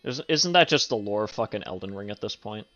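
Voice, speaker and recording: A young man reacts to a video on a livestream, chatting loosely with plenty of profanity and fillers and laughing hard. His lowish voice is expressive, a little fast, pushed and bright, though the audio sounds dull.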